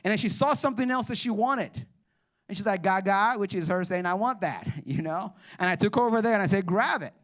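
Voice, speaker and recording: A young adult male pastor giving a casual, animated sermon, often repeating and restarting words as he tells stories. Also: quick pace. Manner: animated, rises high when acting out stories.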